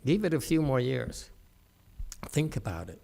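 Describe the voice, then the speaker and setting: A man's voice: mid-range voice, big pitch swings, measured pace, creaky, dark tone. A man teaching a meditation class in a humorous dharma talk, teasing his listeners and asking them to agree. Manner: teasing, joking, asks the audience for agreement.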